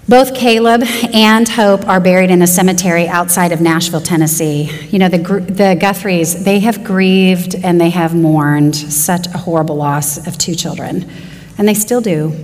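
A woman preaching a sermon to women, earnest, slowing down to stress key phrases. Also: on the low side, in a large hall. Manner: earnest, varied pace with slow emphatic phrases. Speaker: women's Bible teacher.

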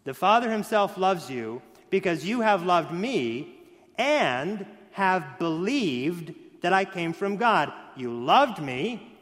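A man preaching a sermon, stressing key words loudly and then dropping to hushed lines. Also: high voice, very animated, slow pace. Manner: emphatic, swings between loud stresses and hushed lines. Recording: long hall reverb.

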